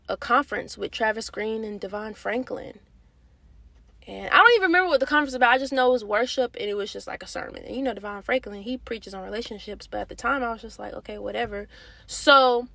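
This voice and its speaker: A young woman vlogger telling a personal faith testimony in a candid, animated, slangy way. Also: on the high side, gravelly, no echo. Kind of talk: casual testimony.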